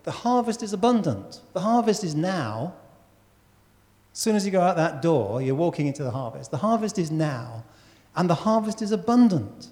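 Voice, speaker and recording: A pastor preaches to his church with a fairly high, sing-song, slightly mellow voice at a moderate pace. He talks conversationally and asks the congregation questions while the church hall adds long reverb.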